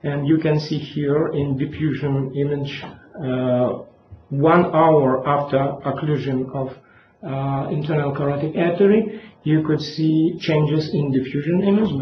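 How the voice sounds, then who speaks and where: Slow Russian-accented man in echoey hall. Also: on the high side, fairly even intonation. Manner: halting non-native English with many fillers. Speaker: conference speaker. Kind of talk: academic conference talk. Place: large lecture hall. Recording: echoey lo-fi hall recording, faint noise.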